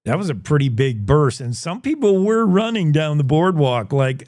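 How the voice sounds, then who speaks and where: A man's voice: on the high side, very animated, normal speed, hardly any pauses, darkish tone, dry recording, studio quality. A man hosting a news show, joking and rambling with comic asides. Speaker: show host. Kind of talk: casual news commentary.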